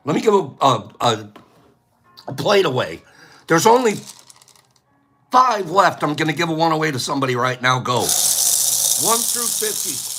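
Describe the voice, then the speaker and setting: A man chats casually on his own livestream, rambling from one joking rant to the next. His voice is bright and slightly husky, and his pitch swings all over the place. Faint music plays behind him. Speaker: livestream host giving away plates.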